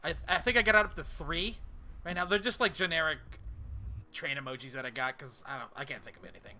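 A man with a very bright, forceful voice chats loosely while streaming a shooter with friends. He rambles and trails off, full of fillers, and a faint hiss sits under his headset mic. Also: fairly high pitch, fast talker. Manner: rambling, filler-heavy, easily distracted. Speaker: streamer hosting a game session. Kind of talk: casual gaming chat.

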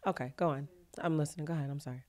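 A woman podcast host softly recapping the guest's story and encouraging her to go on. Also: deep voice, steady tone, racing. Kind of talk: interview.

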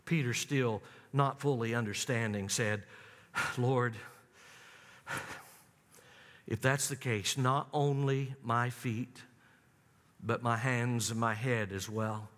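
A man preaching a sermon, telling the story dramatically and swinging from high, loud emphasis down to low, hushed lines. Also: steady tone, slow. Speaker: pastor. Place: church sanctuary. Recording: long church reverb.

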